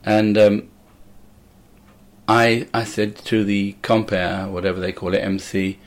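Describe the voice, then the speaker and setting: An older man with a low voice tells stage stories in a dry, anecdotal way. He slips in quoted lines as he goes, always measured and conversational. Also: level tone. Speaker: comedian guest. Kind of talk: casual conversation, storytelling.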